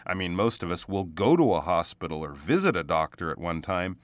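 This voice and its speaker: Guy teaching pronunciation, lowish voice, patient, keeps repeating words slow, dry close sound. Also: sing-song, no room sound. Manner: patient, explains words slowly and repeats them. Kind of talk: casual spoken lesson.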